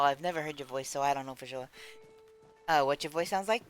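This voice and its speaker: A woman's voice: deep voice, a little fast, long pauses, smooth. A woman from the United States streaming a game, chatting casually and rambling as she answers her chat. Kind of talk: casual chat while gaming.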